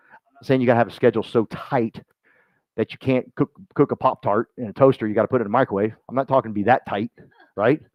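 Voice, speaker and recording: A man's voice: medium pitch, no room sound, lo-fi sound. A man giving a loose, joking motivational talk to a room, rambling and acting out the voices he quotes. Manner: rambling, self-mocking, acts out quoted voices. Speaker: speaker at a business meeting.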